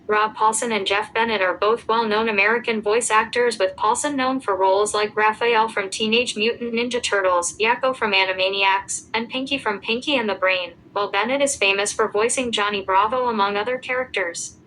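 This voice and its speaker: A woman giving a scripted narration, reading out lists of names and dates at an even pace. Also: medium pitch, fairly quick, few pauses, slight background noise, poor audio.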